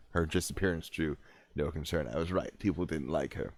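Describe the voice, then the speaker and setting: A man reads true-crime snippets aloud on his livestream, breaking off to crack sarcastic jokes. His voice sits low but swings widely in pitch. The sound is close and dry, with no room around it. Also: very animated, moderate pace, dry recording. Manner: reads out trivia with sarcastic, joking asides. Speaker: streamer reading stories. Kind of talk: casual livestream reading with asides.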